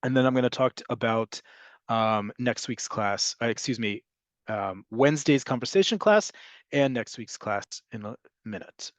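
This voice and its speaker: A man's voice: medium pitch, dry recording. Male teacher, online class, patient explainer, dry close sound. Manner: explanatory, answers questions, repeats terms slowly. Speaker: Hebrew teacher.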